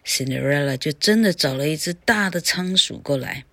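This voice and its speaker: A woman teacher reading a storybook aloud slowly and carefully in a bilingual lesson. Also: deep voice, lively intonation, fairly bright tone, no room sound. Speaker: English teacher.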